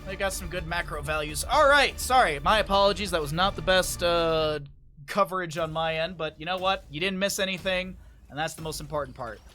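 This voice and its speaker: Bright-voiced chatty male esports caster. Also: high voice, brisk, soft background music. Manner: chatty, rambling, often apologizing. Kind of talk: live stream game commentary.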